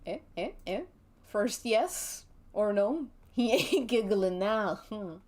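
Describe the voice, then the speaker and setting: Giggly woman game master, slow and lively. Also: medium pitch. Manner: giggly, playful narration. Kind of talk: narrating a tabletop murder mystery game on stream.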